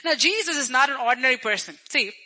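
Male preacher with an unusually high, piercing bright voice, chatty storytelling sermon, repeats lines for emphasis. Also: lively intonation, fast talker, husky, poor audio. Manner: storytelling preacher who acts out crowd voices; conversational, repeats phrases for emphasis.

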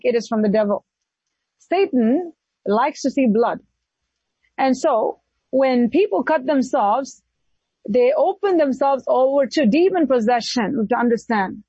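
A woman preaching a sermon, her voice swinging from high exclamations to low hushed emphasis. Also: husky, no room sound, muffled recording.

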